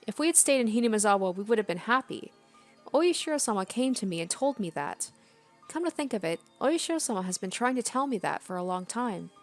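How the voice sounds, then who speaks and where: A woman's voice: mid-range voice, close to an everyday voice. A woman reading the lines of a disturbed teenage girl from a visual novel, repeating herself feverishly. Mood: haunted. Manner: feverish, repetitive apologizing.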